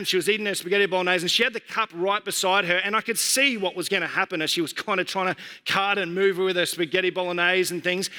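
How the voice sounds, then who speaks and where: A man in his thirties, a pastor, giving an earnest, conversational sermon and slowing down to stress key phrases. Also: sits high, pushed and bright, long reverb tail. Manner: earnest, conversational preaching with slowed emphatic phrases. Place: church.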